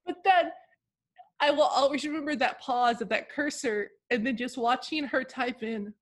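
A woman who works in school IT support chats casually on a podcast, telling funny stories and laughing often. Her high-pitched voice moves at normal speed in a chatty, giggly storytelling style.

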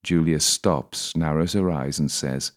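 A man's voice: extremely low pitch, unhurried. A man narrating a first-person audiobook in a wry, dry manner.

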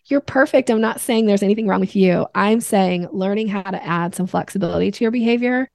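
A woman guest on a podcast, explaining sales steps in an energetic teaching manner. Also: medium pitch, fairly quick, vocal fry, hardly any pauses, dry recording, studio quality. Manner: energetic teacher, acts out voices in examples.

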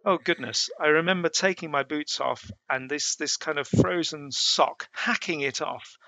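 A man, sounding and middle-aged, telling a harrowing climbing story in a halting, restarting way. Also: on the high side, vocal fry, sharp tone. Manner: halting, with many restarts and fillers. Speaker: mountaineer telling his story. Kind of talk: casual spoken storytelling.

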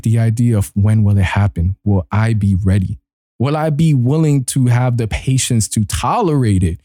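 A male podcast host telling a story in casual, slangy talk. He laughs often and jumps into high, excited voices when he acts out his own reactions. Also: no echo, studio quality. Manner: slangy and loose. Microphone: desk mic he bumps.

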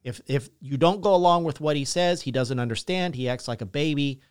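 Casting: opinionated man, slightly high voice, dry close sound, blunt and profane. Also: brisk, clean tone, dry recording. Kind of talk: casual political chat.

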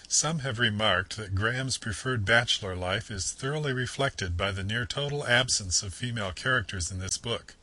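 A man giving a measured, formal scripted lecture on literature. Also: lowish voice, sharp tone, dry recording, low-quality recording.

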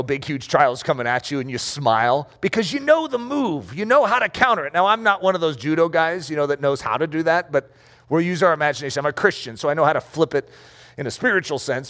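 A middle-aged male pastor preaching a playful sermon, acting out scenes and shouting for effect. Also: a little high. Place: room with rows of chairs.

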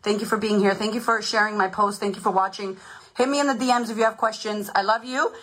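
A woman's voice: mid-range voice, fairly even intonation, quick pace, a bit bright, low-quality recording. A woman in her thirties, a podcast host and confidence coach, giving a blunt, swearing, emphatic motivational talk in a casual livestream.

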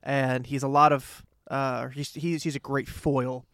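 A man co-hosting a podcast, chatting casually and easily, quick to agree and to chuckle. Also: mid-range voice, level tone, a bit bright, no echo, studio quality. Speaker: podcast co-host. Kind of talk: casual chat.

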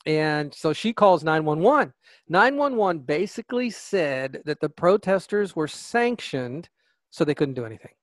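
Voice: mid-range voice, big pitch swings, a little slow, no room sound. A podcast co-host in casual, emphatic political chat who retells news stories and acts out the quotes.

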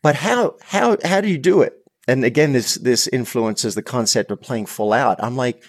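A man's voice: medium pitch, moderate pace, hardly any pauses, no echo, studio quality. Earnest Australian man in his fifties. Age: 50s. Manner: earnest, animated storyteller with frequent restarts. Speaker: coach and podcast guest. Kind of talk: storytelling in a podcast interview.

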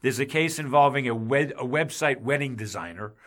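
Podcast host guy, bright forceful voice, gets worked up, lots of restarts. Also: mid-range voice, brisk. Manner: emphatic, gets heated and raises his voice; frequent restarts and repetitions. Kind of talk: casual chat about law.

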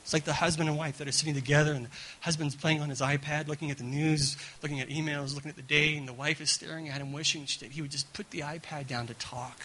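Bright-voiced, animated male preacher. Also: on the high side, quick pace, a little hiss or hum, low-quality recording. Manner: animated, repeats words, keeps asking "right?". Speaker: guest pastor. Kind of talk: sermon. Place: church gathering.

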